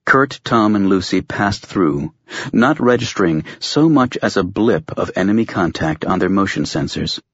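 Low husky guy narrating an audiobook, steady pace, dry close lo-fi sound. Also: normal speed, no echo. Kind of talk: scripted narration. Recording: dull lo-fi audiobook recording.

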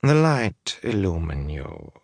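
A man reading an audiobook voices a haughty, overly polite older high lord who speaks slowly and coolly. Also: big pitch swings, gravelly, husky, no room sound, clean studio sound, exaggerated voice. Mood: cool politeness. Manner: languid, slow and coolly polite.

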